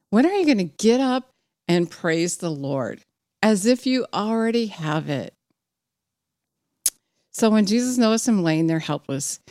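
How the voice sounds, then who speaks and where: A woman's voice: on the low side, darkish tone, no echo. A woman giving a fervent personal sermon, exhorting her listeners and reading scripture aloud with some slips. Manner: fervent, exhorting, rising to emphatic peaks. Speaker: preacher.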